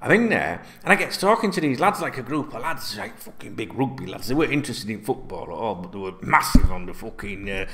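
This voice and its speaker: A man's voice: mid-range voice, very animated, fast talker, hardly any pauses, fairly bright tone, slight background noise. A middle-aged man, chatting casually as a football fan host, rambling and swearing freely.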